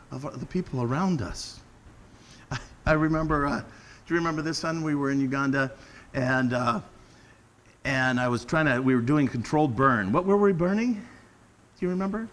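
A middle-aged man preaching a casual sermon, earnest and animated, slowing down to stress key words. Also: medium pitch, low-quality recording. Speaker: pastor.

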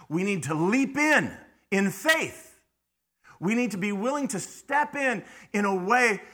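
A man preaching a sermon, shifting between hushed, quiet stretches and loud, emphatic bursts, often repeating words as he starts a phrase. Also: sits high. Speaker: pastor.

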